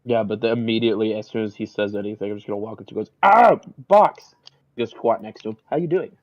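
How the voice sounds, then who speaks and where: Excitable man in a muffled recording. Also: fairly low pitch, racing. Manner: excitable, jumps into cheerful character lines. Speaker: player. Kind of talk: tabletop role-play, narrating his character.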